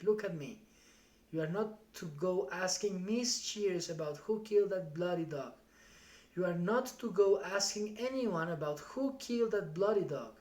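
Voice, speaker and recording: A man's voice: fairly high pitch, warm tone, reverberant, close to an everyday voice. A streamer reading aloud and voicing an angry, exasperated middle-aged father who scolds his son.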